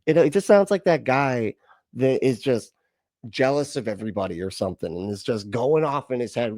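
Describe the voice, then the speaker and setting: A man's voice: mid-range voice, animated, a little fast, darkish tone, no room sound. A man hosting a reaction video, mocking a clip with sarcasm, laughter and exaggerated mimicry.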